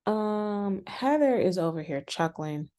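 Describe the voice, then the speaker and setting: A woman casually recapping a reality show episode, chatty and animated, with frequent restarts. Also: medium pitch, slow pace. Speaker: reality TV reviewer.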